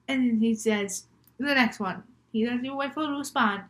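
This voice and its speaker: A woman's voice: on the high side, brisk. A young woman vlogger telling made-up scary stories in a chatty, rambling, giggly way. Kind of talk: casual storytelling vlog.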